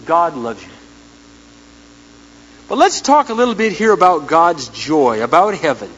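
A man preaching a sermon as pastor, impassioned, swinging from hushed lines to shouting ones, in a large church auditorium over the sound system. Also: a little high, big pitch swings, unhurried, slightly rough. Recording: dull 1990s church tape with hall echo and hum.

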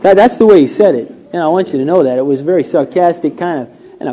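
Male preacher, slightly high, warm voice, storytelling sermon, dull lo-fi recording. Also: fast talker. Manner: storytelling with acted-out quotes, rising and falling emphasis.

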